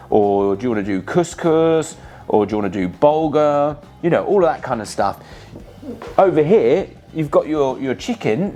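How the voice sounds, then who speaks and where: A young man, a chef explaining recipes in a chatty, animated way and swearing casually. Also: a little high.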